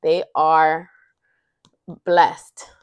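Woman, lowish voice, loose rambling tarot reader, close dry sound. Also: little pitch movement, drawn-out words, clear, resonant tone, no room sound, highs cut off. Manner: rambling, thinking aloud with many fillers. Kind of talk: intuitive card reading, casual monologue.

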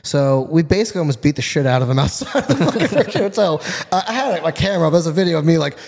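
A Florida man who tunes cars appears as a podcast guest, telling a rowdy, animated story packed with swearing. His voice is fairly high, very fast and creaky, and he's recorded in a large hall.

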